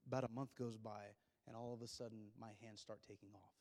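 A young man preaching a sermon, telling stories and swinging from hushed, intimate lines to loud, excited ones. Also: fairly low pitch, a little fast, in a large hall, slight background noise. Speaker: pastor.

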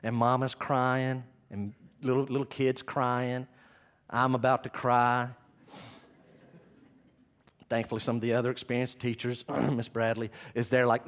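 A man preaching a sermon as pastor, swinging from loud impassioned passages to soft hushed ones, with self-deprecating asides as he reads from his notes. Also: medium pitch, little pitch movement, a little slow, pauses often.

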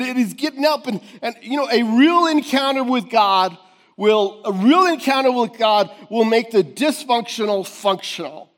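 A man preaching a sermon to his congregation in a high, lively voice. He swings from near-shouts down to hushed tones and laughs often between points. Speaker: pastor.

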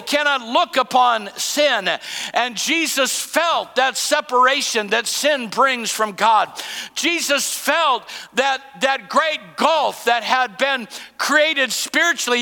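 High gravelly pastor guy preaching, shouts then drops real quiet, big echoey hall. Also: lively intonation, slow. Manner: preaching with big swings between shouting and hushed tones. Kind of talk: sermon.

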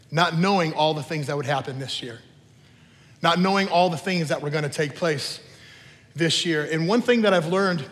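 Male pastor, high voice, chatty storytelling sermon, long hall reverb. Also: a bit bright. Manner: conversational storytelling with teasing asides.

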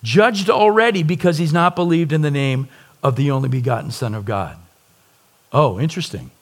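Earnest middle-aged preacher, slightly high voice. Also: male voice, lively intonation, moderate pace. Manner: earnest, emphatic preaching with frequent rhetorical "right?". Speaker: pastor. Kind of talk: sermon.

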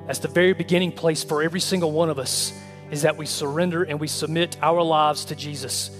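A male pastor delivers a sermon in an impassioned, repetitive cadence. His voice sits a little high. Soft guitar plays underneath. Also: steady tone, brisk. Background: soft guitar music.

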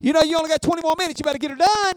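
A preacher acts out a pushy, hurried male voice of distraction. It sounds high and loud and urges you along without pause. There is a faint hiss behind it.

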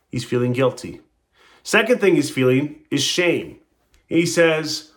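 A man's voice: on the high side, animated, measured pace. Man preaching a story-driven sermon. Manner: storytelling, acting out quotes with rising and falling emphasis; conversational, with restarts. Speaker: pastor.

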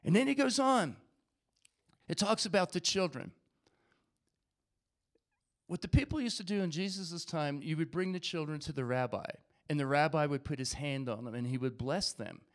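A man's voice: fairly high pitch, moderate pace, long pauses. A man preaching a sermon, reading scripture aloud and acting out the voices of the crowd.

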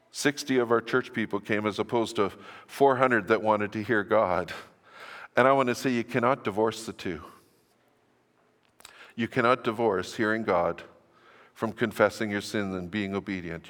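A man's voice: lowish voice, fairly bright tone. Older male pastor in an echoey hall. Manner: conversational and earnest, with self-deprecating asides. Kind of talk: sermon. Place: church sanctuary.

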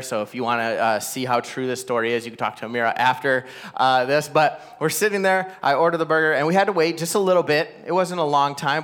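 A man telling a personal family story to a live audience. He is animated and self-deprecating, with frequent asides to the listeners. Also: medium pitch, smooth. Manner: animated, self-deprecating, rising to loud exasperation at the climax; talks straight to listeners with frequent "all right?" asides.

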